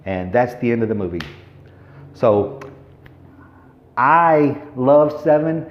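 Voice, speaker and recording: A man's voice: mid-range voice, animated, slow pace. A man casually recapping a movie in a rambling, chatty way. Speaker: vlogger. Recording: roomy, dull lo-fi recording.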